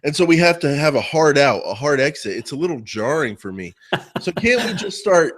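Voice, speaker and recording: A man's voice: a little high, very animated, normal speed, a bit bright. A man on a podcast spins a teasing, jokey story in loose, casual talk. He ribs his co-host as he goes and sounds at ease. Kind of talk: casual chat.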